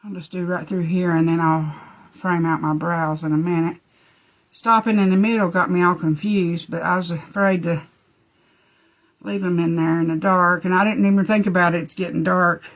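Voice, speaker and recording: A woman's voice: lowish voice, fairly even intonation, normal speed, dull audio. A woman chatting folksily through a live makeup demo, talking to her dogs between steps.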